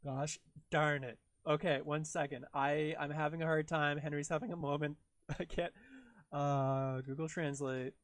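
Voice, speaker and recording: A man's voice: fairly high pitch, fairly even intonation, measured pace, no echo. A young man hosting a live stream, chatting casually and rambling in a giggly, self-deprecating way while he works.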